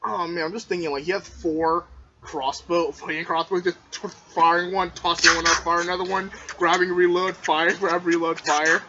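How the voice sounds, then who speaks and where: Higher-voiced man playing a tabletop game. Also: fairly even intonation, moderate pace, sharp tone. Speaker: player. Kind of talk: casual tabletop gaming chat. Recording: lo-fi recording with clear hiss.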